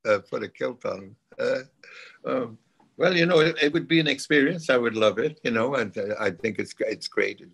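An older man chatting as a guest in an interview, halting and repeating himself, often adding "you know". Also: medium pitch, expressive, gravelly, fairly bright tone, slightly rough. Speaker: guest singer. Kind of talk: casual interview chat.

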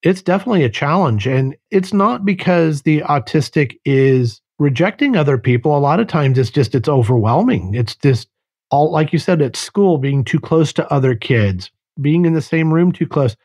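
A man hosting a podcast interview, a parent speaking in a thoughtful, measured way with some hesitations. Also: on the high side, animated, darkish tone. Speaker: podcast host.

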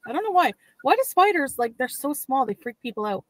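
A woman's voice: sits high, sing-song, fairly quick, dry recording, poor audio. Female streamer, idle casual chat, replayed stream. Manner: talking to her chat while doing other things. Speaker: live streamer.

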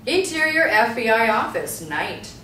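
A woman reads out stage directions in a brisk, matter-of-fact way during a script table read. Her voice is caught from afar in an echoey room with faint hiss. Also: a little high, very animated, fairly bright tone, far from the mic. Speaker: narrator reading stage directions.

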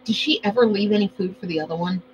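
A woman with a Minnesota accent chatting casually as co-host of a cooking vlog, joking, laughing often and breaking into playful yelling. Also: mid-range voice, quick pace, dull audio, a little hiss or hum. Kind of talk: casual chat.

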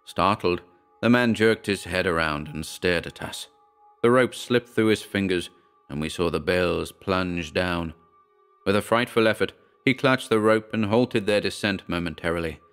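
Deep-voiced man narrating horror. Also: a bit bright, smooth. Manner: measured, grave storytelling with quoted dialogue read plainly.

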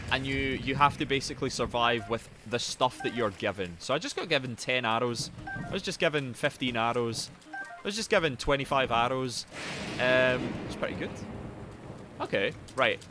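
A man doing live gameplay commentary as a streamer, swearing and yelling at the game as he chats. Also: medium pitch. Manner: sweary, excitable, yells at the game.

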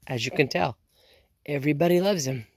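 Woman homesteader, low voice, a little sick, relaxed rambling chat about her chores, dry close sound. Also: a little fast, husky, dry recording. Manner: relaxed, rambling with many ums. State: sick, under the weather. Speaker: homestead vlogger. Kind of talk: casual chat while doing chores. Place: outdoors on a small farm.

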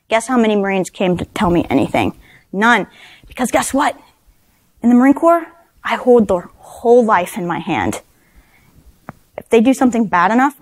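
A woman's voice: a little high, sing-song, normal speed, pauses often. A woman in her thirties giving a leadership talk at a conference, speaking conversationally with lots of "right?" tag questions and dry self-deprecating humor. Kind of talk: leadership talk to a live audience. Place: conference session room.

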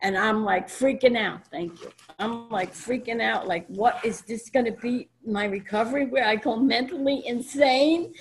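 An older woman from New York gives a personal testimony at a convention. She tells her story in a blunt, emphatic and animated way, and she acts out the lines of the people she quotes. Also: on the high side, normal speed, hardly any pauses, slight background noise, poor audio. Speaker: speaker at a recovery convention. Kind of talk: personal testimony to a live audience. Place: convention meeting room before an audience.

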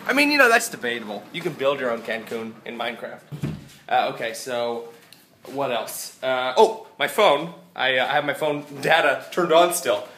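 A man's voice: mid-range voice, fairly even intonation, normal speed, a little hiss or hum. Goofy, rambling tired man vlogging. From Florida, USA. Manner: goofy, rambling, jumps between loud bursts and mumbling. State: tired, out of breath. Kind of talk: hyper casual travel vlog. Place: hotel rooms, halls and balcony.

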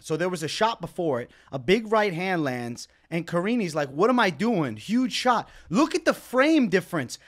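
A man giving angry reaction commentary on a fight, ranting indignantly and repeating words for emphasis. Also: sits high. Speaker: MMA commentator.

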